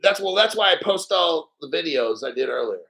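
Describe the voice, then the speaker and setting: A man hosting a live crypto stream, talking in an excitable, profane, hyped way and often clearing his throat. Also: on the high side, brisk, rough recording. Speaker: crypto livestream host.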